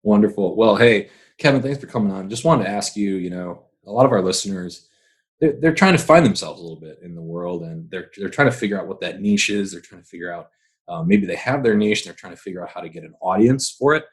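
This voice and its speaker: A man hosting a podcast, introducing his guest with energetic, hype-building enthusiasm. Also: sits low, fast, slightly rough. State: out of breath. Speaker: podcast host. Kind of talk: podcast interview.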